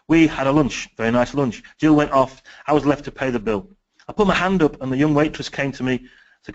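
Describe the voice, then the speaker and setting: A man with a Sheffield accent giving a business webinar talk, telling lively stories and acting out the dialogue. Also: mid-range voice, fast talker, lo-fi sound. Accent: Sheffield English. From England. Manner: lively storytelling, acts out quoted dialogue. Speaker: business speaker.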